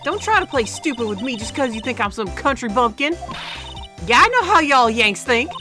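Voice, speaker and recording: A woman voicing a loud, scolding Southern woman in a video game, with a put-on Southern drawl. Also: fairly high pitch, big pitch swings, normal speed, over music. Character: loud Southern woman camera-minding campsite grump.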